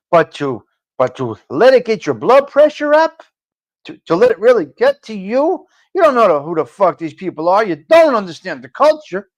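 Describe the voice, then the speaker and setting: A New man holds forth on his live-stream talk show in a blunt, salty monologue. He drifts between low, muttered asides and sudden loud bursts. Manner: blunt, profane, ranting, swings from low muttering to loud outbursts. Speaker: livestream talk show host.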